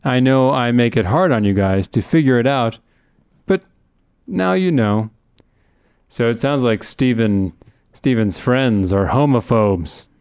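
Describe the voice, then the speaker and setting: A man co-hosting a casual podcast, trading deadpan jokes and banter. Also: medium pitch, measured pace, smooth, no room sound, studio quality. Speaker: podcast co-host. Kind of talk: casual swearing podcast chat.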